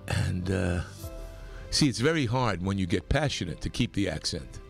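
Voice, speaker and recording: A man from New York hosting a talk radio show, delivering a rambling, opinionated monologue that gets more animated as he goes. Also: moderate pace, vocal fry, faint music behind. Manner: animated, rambling, pitch climbs when worked up.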